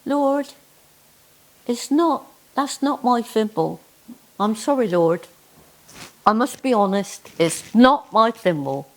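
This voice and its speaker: A woman's voice: fairly high pitch, expressive, slow, long pauses, rough recording. A woman with a Cornish accent voicing Jenny, an honest, chatty older Cornish woman, given to fussing exclamations. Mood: fretful.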